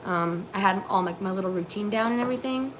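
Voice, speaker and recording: A young woman co-hosting a casual live stream, telling animated work stories with many fillers. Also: mid-range voice, fast, noisy background. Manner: animated storyteller, lots of fillers. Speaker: co-host, former theme park custodian.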